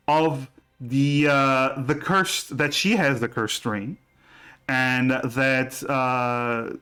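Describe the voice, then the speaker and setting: A man narrating a tabletop game as game master, halting with many restarts. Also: medium pitch, fairly bright tone.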